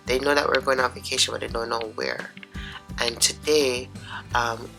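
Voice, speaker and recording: A middle-aged woman with a Jamaican accent chatting to camera in her home office, hoarse and raspy from being sick, chatty and talking to herself in asides. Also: very deep voice, rough recording. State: hoarse, sick with sore throat. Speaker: vlogger. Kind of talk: casual vlog chat to camera.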